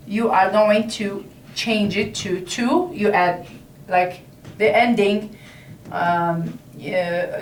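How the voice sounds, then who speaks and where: Woman teacher talking slow, repeats stuff a lot, roomy echo and a bit of hum behind. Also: mid-range voice, far from the mic. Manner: slow, repeats each word several times. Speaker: Arabic teacher. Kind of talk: slow classroom explanation at a board. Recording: echoey room, voice from off-mic.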